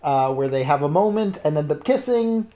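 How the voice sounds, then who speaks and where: A man's voice: on the high side, animated, normal speed, dark tone. A young man hosting a casual chat, rambling with many fillers and laughing often. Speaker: host.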